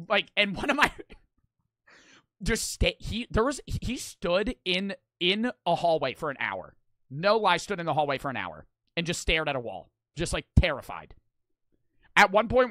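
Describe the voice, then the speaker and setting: Animated rambling young man streamer. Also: high voice, a little fast, no room sound. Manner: rambling, animated, swears a lot. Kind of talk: casual stream storytelling.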